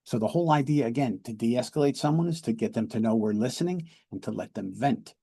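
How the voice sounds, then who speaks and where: A man's voice: mid-range voice, expressive, fast, creaky, dark tone, husky. A man, a police lieutenant, gives a de-escalation training lecture, explaining step by step, repeating words and checking in with "right?".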